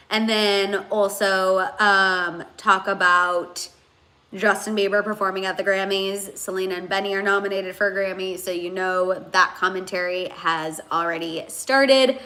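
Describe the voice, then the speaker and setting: A woman's voice: medium pitch, bright, forceful tone. A woman hosting a casual livestream, chatting and rambling with many fillers as she reads out comments, emotional and teary. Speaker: host.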